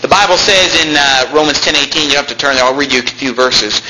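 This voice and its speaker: A male pastor preaching a combative sermon, with big swings in pitch and loudness that climb to shouts. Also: fairly even intonation, quick pace. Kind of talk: fiery Baptist sermon. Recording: echoey room with faint noise.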